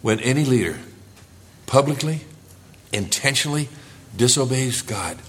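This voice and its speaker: A male pastor preaching a sermon in church, earnest, rising for emphasis and dropping low and quiet. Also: lively intonation, unhurried.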